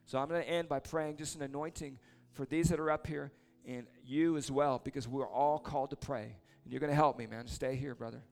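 A man preaching casually, telling a lively story and then praying over people in a church or meeting hall. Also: medium pitch, fairly quick, creaky, hardly any pauses, soft background music. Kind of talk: sermon with story and prayer.

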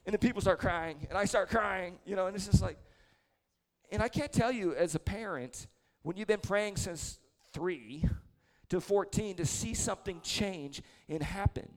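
A man's voice: high voice, normal speed. A man in his forties preaching a sermon to a church congregation, telling chatty, self-deprecating stories with humor. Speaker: prayer leader preaching. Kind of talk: storytelling sermon. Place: church service before a congregation.

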